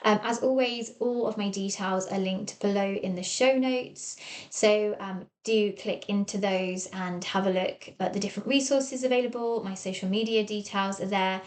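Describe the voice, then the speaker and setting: Her voice is mid-range and her pace moderate. She's an English therapist with an English accent who hosts a solo podcast from a small office, coaching listeners warmly through ideas and acting out quoted voices.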